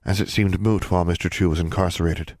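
A stern woman dean speaks in a low, dry, formal tone with a slight edge, as a male reader gives her lines. Every word is measured and precise. A storybook figure of quiet authority. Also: steady tone, no echo.

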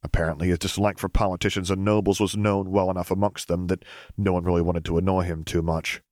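A man narrating fan fiction as an audiobook reader, in a steady, measured way. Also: low voice, dry recording.

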